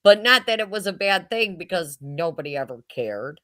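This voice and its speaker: A woman in her sixties telling family stories casually, chatty and animated, often laughing as she goes. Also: fairly low pitch, normal speed. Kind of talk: casual storytelling.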